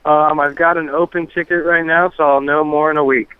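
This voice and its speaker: A man's voice: on the high side, little pitch movement, fairly quick, clear, resonant tone, dry recording, pitched above the performer's own voice, natural voice. A man on a tinny phone line speaking hesitantly as a cable customer, with many ums and uhs.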